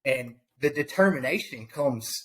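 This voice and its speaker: A man's voice: medium pitch, lively intonation, measured pace. A man speaking as a podcast guest, giving a fervent, preachy motivational talk about faith and purpose, often repeating his words. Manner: impassioned, preachy, repeats himself.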